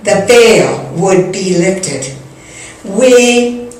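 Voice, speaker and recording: A woman's voice: mid-range voice, measured pace. Woman teacher telling a story in an echoey hall. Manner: earnest, recounts events acting out quoted dialogue. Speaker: spiritual teacher. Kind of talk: storytelling talk. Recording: very echoey hall from a distance, faint noise.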